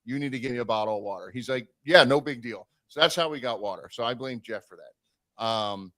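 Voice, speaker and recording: A man casually telling a long road story on a live stream, animated and swearing, acting out the people he quotes. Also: mid-range voice, a little fast.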